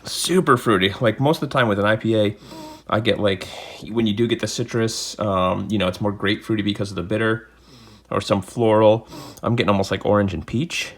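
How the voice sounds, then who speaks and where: Speaking fairly quickly in a lowish voice, a man runs a laid-back unboxing video, chatting about the items and tasting beer. He rambles and cracks jokes from a home room where a camera sits on his desk.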